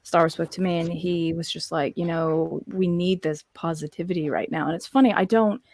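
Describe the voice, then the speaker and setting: Woman, podcast guest, lowish voice, earnest and gentle, dry sound. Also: steady tone, fairly quick, no echo. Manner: earnest, gentle, hesitant restarts. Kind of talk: casual podcast chat.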